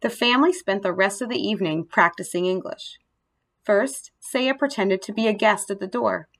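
A woman narrating a children's storybook in a gentle, expressive read-aloud manner. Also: mid-range voice, normal speed.

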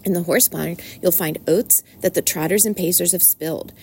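A woman voicing a wise, persuasive old barnyard sheep in a storybook reading, slowly savoring long lists. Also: fairly low pitch, mellow, slight background noise, lightly acted. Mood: coaxing.

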